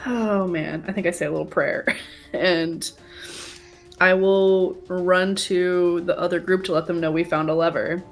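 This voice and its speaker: A woman's voice: fairly low pitch, steady tone, unhurried, faint music behind. A woman playing a tabletop game, chatty and a little hesitant, joking with the group. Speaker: player.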